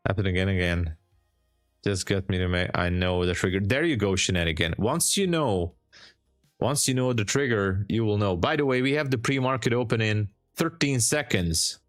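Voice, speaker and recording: Man, livestream host, casual chat, encouraging, laughs a lot, lowish voice, faint music behind. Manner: chatty, laughs often, encouraging, many restarts. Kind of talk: casual live-stream chat answering viewers.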